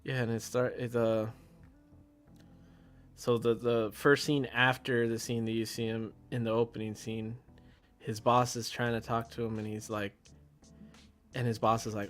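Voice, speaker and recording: A man chatting casually about a film, his voice sitting at an ordinary pitch. He retells scenes with relish, acting out the lines. Soft music plays faintly behind him. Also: flat delivery, normal speed, long pauses. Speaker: podcast co-host. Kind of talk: casual movie review chat.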